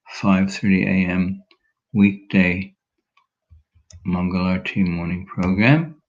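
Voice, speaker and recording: A man leading an online class, wrapping up slowly and hesitantly, thinking aloud between words. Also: sits low, gravelly, darkish tone, lo-fi sound. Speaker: class leader. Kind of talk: casual closing remarks on a video call.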